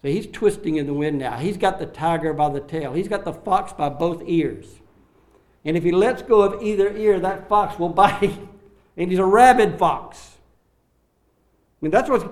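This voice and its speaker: Dramatic preacher, man, fairly high voice. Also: animated. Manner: dramatic, acts out the quoted lines with sharp rises and drops in loudness; slows right down on key quoted phrases. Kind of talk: expository sermon.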